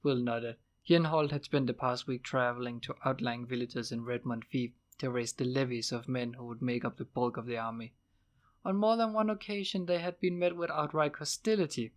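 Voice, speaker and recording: A man reading a novel aloud as an amateur audiobook, with steady, plain narration and small slips. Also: mid-range voice, brisk. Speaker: audiobook reader.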